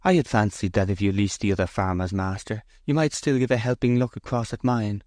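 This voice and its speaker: A man's voice: lowish voice, fairly quick, darkish tone, no room sound, studio quality, lightly acted. Man voicing a proud grieving young farm mistress. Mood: dismayed. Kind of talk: audiobook character voice.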